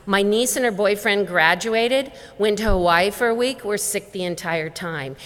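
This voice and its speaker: A middle-aged woman giving a conference talk as a wellness educator, a lively storyteller who acts out dialogue. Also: medium pitch, moderate pace. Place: large conference hall. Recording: long reverb of a large hall.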